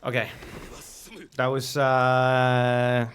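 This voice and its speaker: A man's voice: mid-range voice, extremely slow, clear, resonant tone. A man streaming a fighting game, cursing at his matches and then chatting on a call. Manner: excitable, swears at the game, then talks softly on a call. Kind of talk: casual gaming stream chat.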